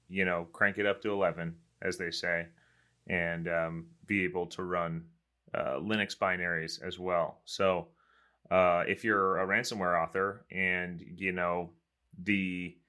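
Low, bright-toned man joking dryly. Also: clear, resonant tone. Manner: dry joking, laid-back. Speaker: podcast co-host. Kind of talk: casual podcast chat.

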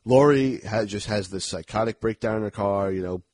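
Male podcast co-host, low register, animated movie talk with acted-out lines, dry close mic. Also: fairly quick, no room sound. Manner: animated, swearing, acts out lines in loud put-on voices. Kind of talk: casual movie review chat.

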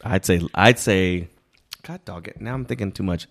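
A man's voice: deep voice, moderate pace, creaky, a bit bright. A man in a casual podcast chat who rambles and jokes and laughs easily.

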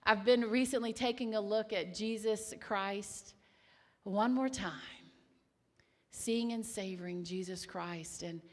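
Woman preaching, slow and deliberate, long reverberant hall. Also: mid-range voice. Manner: swings from hushed whispers to loud exclamations; storytelling, animated and emphatic. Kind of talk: sermon.

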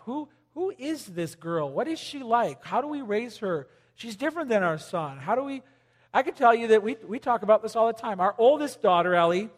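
A middle-aged male pastor preaching in a church sanctuary, his fairly high voice carried by a long hall reverb. He preaches with animated emphasis, swinging from loud bursts to quiet, low asides. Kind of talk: sermon.

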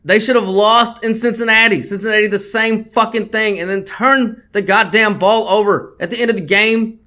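Man, high voice, podcast host, blunt, profane, worked-up. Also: steady tone, moderate pace, sharp tone. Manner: blunt, swearing, worked-up grumbling. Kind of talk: casual sports betting podcast chat.

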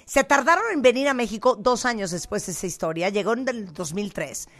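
A woman with a Mexican accent hosting a radio interview, lively and jokey, switching languages. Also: mid-range voice, quick pace. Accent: Mexican Spanish. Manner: lively, jokey, switches between English and Spanish. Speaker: radio host. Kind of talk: casual interview chat.

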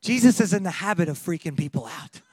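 A man preaching a sermon, animated and laughing often, acting out quotes from the story as he goes. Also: sits high, fast, slightly rough, no echo. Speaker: pastor.

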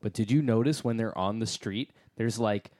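A man's voice: fairly low pitch, moderate pace, a little mellow, no room sound, studio quality. Rambling man in a casual movie chat. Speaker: podcast co-host.

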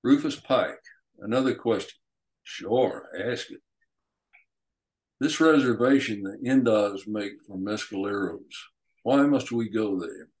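A man's voice: lowish voice, slow pace, long pauses, a little mellow, low-quality recording. A man voicing an earnest young Apache.

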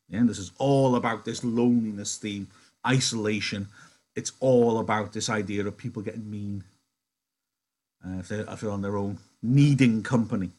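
Husky-voiced male teacher talking through a novel. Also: on the low side, normal speed, a little mellow. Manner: chatty, thinking aloud with fillers and self-corrections. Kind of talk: explaining a novel in a lesson.

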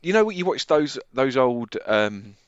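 A man co-hosting a casual football podcast, eager and quick to laugh. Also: medium pitch, very animated, a little hiss or hum. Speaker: podcast co-host. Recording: dull lo-fi mic.

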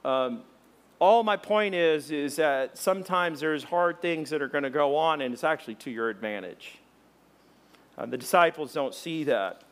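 A middle-aged pastor preaches in a church, his slightly raised voice folksy and conversational. He drops into loud, acted-out quotes whenever he tells a story. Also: on the high side, normal speed. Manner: animated storyteller, acts out loud shouted quotes; folksy, conversational, many fillers. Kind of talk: sermon with personal stories. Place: church sanctuary before a congregation.

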